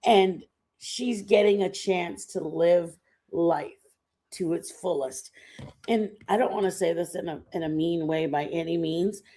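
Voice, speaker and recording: A woman's voice: fairly low pitch, a little mellow. Chatty middle-aged woman telling stories. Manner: rambling, chatty storytelling with many fillers. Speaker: livestream host. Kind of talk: casual chat.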